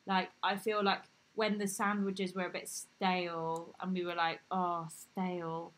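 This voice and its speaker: A woman's voice: on the low side, steady tone, moderate pace, fairly bright tone. A British woman co-hosting a casual live chat from a hotel room, bubbly and chatty. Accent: British English. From Britain. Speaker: co-host.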